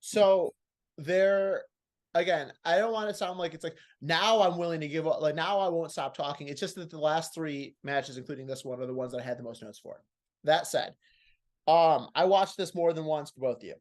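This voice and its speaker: Male judge with a Midwestern accent, a touch high-pitched, hedges a lot. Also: a little mellow. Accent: Midwestern American. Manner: hedging, talks around his point. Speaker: promo competition judge. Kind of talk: candid spoken critique.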